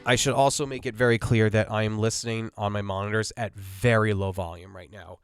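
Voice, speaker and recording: A man hosting a casual mixing tutorial, talking quietly through a migraine and correcting himself as he explains. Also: fairly low pitch, fairly even intonation, brisk, smooth, faint music behind. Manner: rambling, self-correcting explainer. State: has a migraine, talks quietly. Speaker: audio mixing host.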